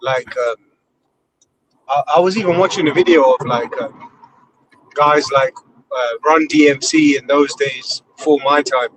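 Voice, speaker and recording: A man's voice: on the high side, unhurried, long pauses, background noise. A man in his thirties hosting a loose live discussion, swearing often and rambling with enthusiasm. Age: 30s. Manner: animated, heavy swearing, rambling. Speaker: host.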